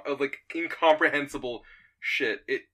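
A man in casual chat, rambling and animated, retelling a story with frequent laughs. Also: mid-range voice, moderate pace.

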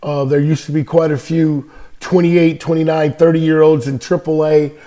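An older Californian man who used to play baseball guests on a podcast, spinning an animated tale in a loose, casual storytelling interview. His voice is a touch high for a man, and he fills it with fillers and quick laughs.

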